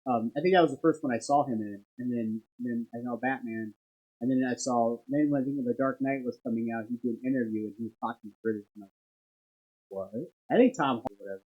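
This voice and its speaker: Husky, excitable podcast co-host. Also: male voice, mid-range voice, quick pace, narrow, tinny audio. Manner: excitable, animated storytelling. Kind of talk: casual podcast chat.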